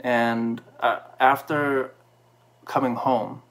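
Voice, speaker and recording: A man's voice: medium pitch, flat delivery, extremely slow, a bit bright. A man telling an emotional personal story in a candid, heartfelt way, with frequent fillers and restarts. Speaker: storyteller sharing a personal experience.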